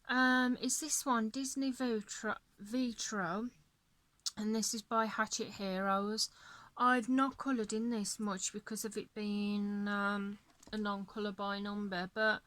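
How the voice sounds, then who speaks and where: A woman's voice: medium pitch, a bit bright. A tired woman chatting casually about her coloring pages, yawning and apologetic. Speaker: coloring channel host. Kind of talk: casual show-and-tell chat.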